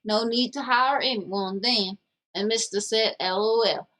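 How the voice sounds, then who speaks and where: A woman's voice: fairly high pitch, unhurried, a bit bright, rough recording. A woman co-hosting a casual show, bluntly reading viewer comments aloud and teasing her co-host.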